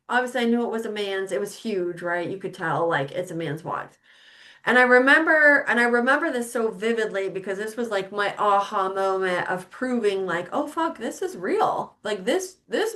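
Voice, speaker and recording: Pitched on the high side, her voice comes across pushed and bright. This middle-aged woman hosting a podcast tells a candid personal story in casual chat, cursing liberally while reenacting how she responded at the time.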